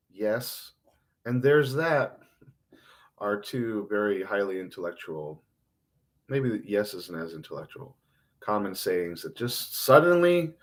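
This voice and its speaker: A man streaming a rambling solo monologue, self-mocking and swinging between mumbled asides and loud outbursts. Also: fairly low pitch.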